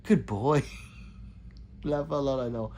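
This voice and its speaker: A man's voice: medium pitch, slow pace, darkish tone, slight background noise. A man hosting a casual livestream, reading viewer comments aloud and chatting back with frequent laughs. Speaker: livestream host reading chat.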